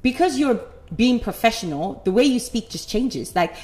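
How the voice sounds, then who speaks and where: Woman podcast co-host, relaxed conversational delivery, reasons things through with examples. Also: a little high, normal speed. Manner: thoughtful, explains with examples. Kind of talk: casual chat.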